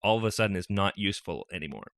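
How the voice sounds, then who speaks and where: Man, podcast host, casual chat, thoughtful, hesitant, bright tone. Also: sits low, big pitch swings, racing, gravelly, dry recording, studio quality.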